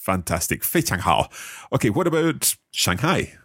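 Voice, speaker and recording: A man co-hosting a language-lesson podcast, asking curious questions and slowly repeating phrases with a chuckle. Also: mid-range voice, very animated, a bit bright, breathy edge, no room sound, studio quality. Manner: curious, chuckling, slow careful repetition. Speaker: podcast co-host learning Mandarin. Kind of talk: casual language-lesson chat.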